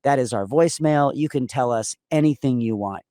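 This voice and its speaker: A man's voice: medium pitch, brisk, mellow, no room sound, clean studio sound. A man co-hosting a casual podcast, talking in long rambling sentences with frequent restarts. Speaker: podcast co-host.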